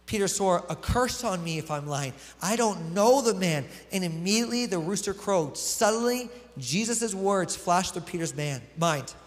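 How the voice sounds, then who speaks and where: A man's voice: high voice, lively intonation, moderate pace, hardly any pauses. A man preaching a sermon as pastor. He reads scripture aloud, then explains it in a conversational way. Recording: long hall reverb.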